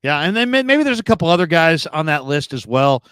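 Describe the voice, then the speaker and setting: Sports panelist, male, opinionated, smooth and clear, dry close sound. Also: a little high, sing-song, a little fast, fairly bright tone, no echo. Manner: opinionated, thinking aloud with restarts. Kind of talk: casual sports talk.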